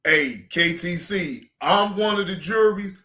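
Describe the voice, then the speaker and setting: A man hosting a casual reaction stream, ranting in an animated, emphatic and joking way. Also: high-pitched, a little slow. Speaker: streamer host.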